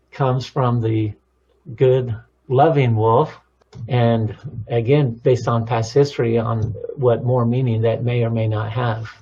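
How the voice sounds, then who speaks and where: Slow, husky-voiced male counselor. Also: medium pitch, dull audio. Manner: calm, measured, demonstrates tones of voice. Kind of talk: instructional talk on relationships.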